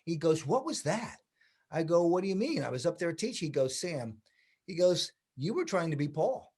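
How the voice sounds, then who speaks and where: Guy in his 60s, hair educator, chatty and animated, voices the people in his stories, pitched kinda high. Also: brisk, husky. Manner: animated, acts out quoted dialogue. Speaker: hairdressing educator, guest. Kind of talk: casual interview storytelling.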